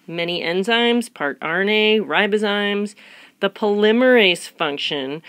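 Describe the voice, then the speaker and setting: Speaking at a measured pace in a mid-range voice, a female biology instructor records a tutorial lecture with no echo. She keeps it playful and conversational, posing rhetorical questions she then answers and hamming up mock excitement.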